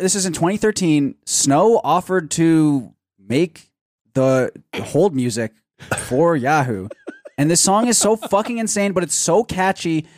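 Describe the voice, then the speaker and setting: A man hosting a casual podcast chat, talking excitably and swearing freely. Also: a little high, no echo, studio quality. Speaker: podcast host.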